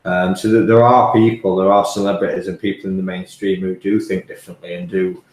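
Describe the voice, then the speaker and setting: An English man with a very deep voice talks through his views at a measured pace, filling the gaps with ums. His voice echoes around the room over a faint hiss of noise. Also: level tone, darkish tone. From England. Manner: measured, um-filled opinions. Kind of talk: casual chat.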